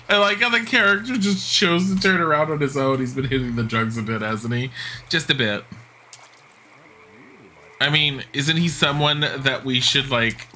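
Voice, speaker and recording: Chatty sarcastic male game streamer, bright sharp voice, faint hiss behind. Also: on the high side, measured pace, long pauses. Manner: chatty, sarcastic, laughs often. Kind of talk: live gaming commentary.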